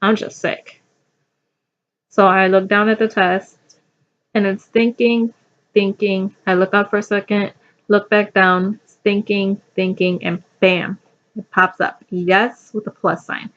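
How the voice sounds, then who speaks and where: A young woman tells a rambling personal story in a casual, chatty way, full of fillers and restarts. Her pitch sits in a middle range. The recording sounds dull and lo-fi. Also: flat delivery, measured pace.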